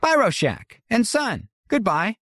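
A man's voice: sits high, huge pitch swings, slow pace, a bit bright, dry recording, clean studio sound, pitched above the performer's own voice, full character voice. A male audiobook narrator voicing a terse foreign man who speaks in short, broken English sentences. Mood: curt. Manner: clipped, blunt phrasing.

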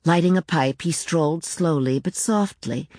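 A woman narrating a literary novel in a measured, unhurried reading. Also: deep voice, a little mellow, dry recording, clean studio sound. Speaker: audiobook narrator.

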